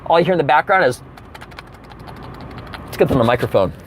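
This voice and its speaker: A man's voice: a little high, expressive, a little fast, slight background noise. A man telling a comic rant story, acting out the people he quotes. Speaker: comedian. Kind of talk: comedic rant monologue.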